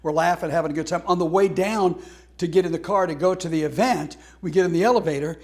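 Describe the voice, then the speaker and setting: A man's voice: fairly high pitch, fast talker, darkish tone. A man, a humor speaker, telling heartfelt stories about a friend and laughing through them. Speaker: humor speaker teaching a class. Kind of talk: storytelling tribute talk.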